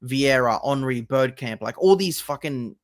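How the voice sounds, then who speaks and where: A young male host in a casual football talk, speaking with passion and swearing freely. His voice sits in an ordinary middle pitch. The recording is dry and close, with no room sound. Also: lively intonation, measured pace, no echo. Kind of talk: casual chat about football.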